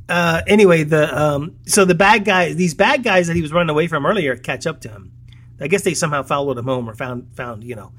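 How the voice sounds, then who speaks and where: A man's voice: fairly high pitch, moderate pace, fairly bright tone. A man in casual chat, retelling a film's plot in a rambling way with many fillers, restarts and chuckles. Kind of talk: casual movie recap chat.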